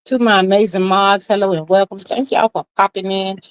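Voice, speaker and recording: A woman's voice: mid-range voice, little pitch movement, brisk, dry recording, low-quality recording. A woman hosting a casual livestream, chatty, greeting her chat and reading out messages with Southern slang. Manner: Southern slang, calls everyone child. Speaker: livestream host.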